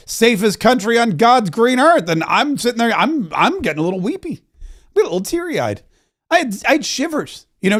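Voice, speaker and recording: A man hosting a political commentary show, talking casually and emphatically, rambling with frequent restarts. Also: high-pitched.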